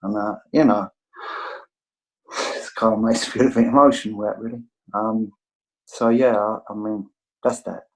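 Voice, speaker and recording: A man's voice: lowish voice, fairly even intonation, moderate pace, long pauses, poor audio. Candid middle-aged Englishman on a video call. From England. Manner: rambling, heavy with fillers, candid. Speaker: guest sharing his recovery story. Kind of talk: casual storytelling.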